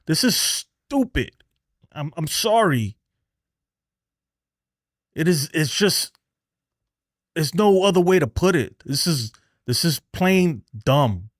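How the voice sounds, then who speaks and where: A man's voice: fairly high pitch, expressive, slow pace, long pauses, dry recording, studio quality. A man hosting a live stream and ranting angrily about his team, swearing, repeating himself and laughing in disbelief. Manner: angry, exasperated ranting with swearing. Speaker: livestream host. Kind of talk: live sports rant.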